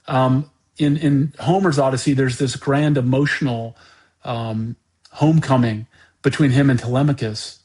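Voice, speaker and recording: A podcast host delivers an unscripted monologue haltingly, often repeating words and starting his sentences over. His mid-range voice has a slightly mellow quality.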